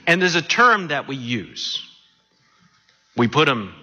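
A man preaching a sermon, animated and often asking his listeners questions. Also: a little high, moderate pace, pauses often. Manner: animated, asks the congregation questions. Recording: long hall reverb.

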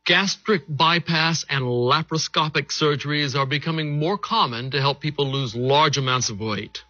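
A man's voice: fairly high pitch, moderate pace, sharp tone, dry recording, muffled recording. A man hosting a television talk show, introducing topics and guests in an upbeat, friendly, conversational way.

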